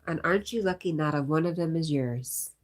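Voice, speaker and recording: A woman's voice: low-pitched, brisk. A woman hosting a casual livestream, chatting and reading viewer comments aloud, sometimes in a whisper. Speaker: livestream host.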